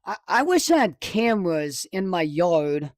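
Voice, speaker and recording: A high-pitched man talks through a home weather live stream. He rambles, backtracks and corrects himself, sounding excitable. His voice is recorded close on a desk microphone in a dry room. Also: measured pace, no room sound.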